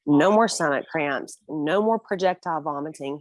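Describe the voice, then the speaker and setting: Her voice is low and her speed normal as this young interview guest recounts her own experiences in a casual chat, sincere and emotional, often laughing softly. There's no echo on the recording.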